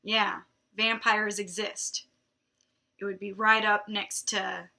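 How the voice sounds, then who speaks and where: A woman's voice: medium pitch, level tone, takes it slowly, gravelly, long pauses, sharp tone. A young woman hosting a book show, reading a romance novel aloud and breaking in with sarcastic, mocking asides. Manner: snarky, mocking asides between read passages.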